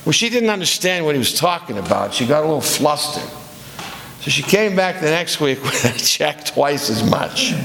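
A man's voice: a little high, vocal fry, fairly bright tone, slight background noise. A man preaching a sermon as pastor, telling stories in a conversational, digressive way that corrects itself as he goes. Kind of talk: sermon with storytelling. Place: church sanctuary. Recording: roomy hall with long reverb.

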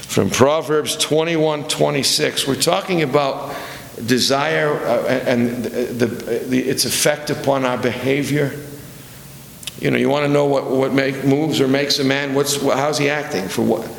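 A pastor preaches a storytelling sermon in a church sanctuary, rambling conversationally and correcting himself as he goes. His medium-pitched, creaky voice is fairly even and a little slow, with slight hiss or hum and long reverb from the roomy hall.

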